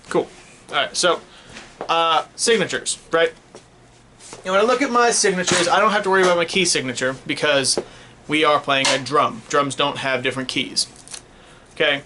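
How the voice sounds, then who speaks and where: A man's voice: fairly high pitch, noisy background. A man teaching a snare drum sightreading lesson in a casual, patient way, often checking in with the student. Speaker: music teacher. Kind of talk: casual classroom instruction.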